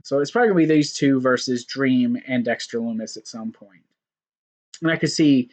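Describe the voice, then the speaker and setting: A man casually recapping a wrestling show, animated, acting out quotes and laughing along. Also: medium pitch.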